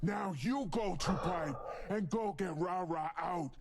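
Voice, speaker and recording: A gravelly brute mutant. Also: male voice, sits high, background noise, heavily acted. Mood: demanding. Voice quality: gravelly, husky, speaks in broken grammar. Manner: blunt, threatening, slow and heavy. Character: hulking angry male mutant brute, gruff, worried. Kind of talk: video game voice acting.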